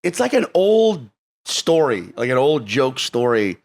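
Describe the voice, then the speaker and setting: A man from Louisiana chatting as a comedy guest, his pitch swinging widely as he tells stories. He acts out other people's voices and swears freely. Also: a little slow. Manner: animated storyteller, acts out voices, profane. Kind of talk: casual comedic chat.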